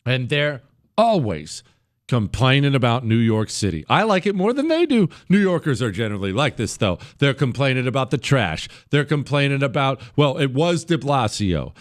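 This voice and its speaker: A man's voice: mid-range voice, animated, moderate pace, dry recording, studio quality. A man hosting a political talk radio show, delivering a sarcastic monologue and mocking people in put-on voices.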